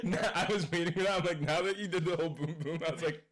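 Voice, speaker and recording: A man's voice: on the high side, steady tone, quick pace, noisy background. A young man co-hosting a podcast in casual chat, reacting to stories with swearing and frequent laughter. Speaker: podcast co-host.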